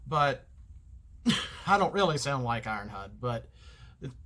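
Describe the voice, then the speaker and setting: A man's voice: medium pitch, very animated, a little slow, pushed and bright. A middle-aged man with a Southern American accent, rambling through a casual solo vlog monologue and often losing his thread. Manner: rambling, loses his thread, many fillers. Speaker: card game vlogger.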